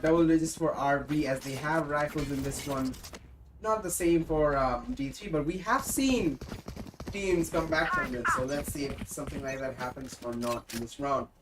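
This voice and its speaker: An esports caster rattles off play-by-play calls at a brisk clip. The voice leaps up on big plays and falls to a low, offhand tone for asides and self-corrections. A faint background noise sits under the commentary. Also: poor audio. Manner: rapid game calls with excited rises on kills; drops to a low aside when correcting himself.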